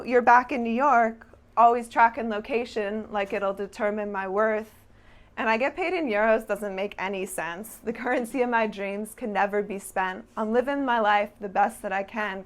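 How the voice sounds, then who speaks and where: Slow, rhythmic young woman reciting poetry. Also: mid-range voice. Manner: measured rhythmic recitation in English and French, chatty and laughing between poems. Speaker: poet. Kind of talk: live spoken-word poetry performance. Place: small live performance venue.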